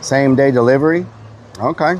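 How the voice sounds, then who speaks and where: A man's voice: mid-range voice, moderate pace, a little hiss or hum. A man live-streaming outdoors in the heat, chatting playfully to his viewers and talking with his mouth full. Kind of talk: casual live-stream chat.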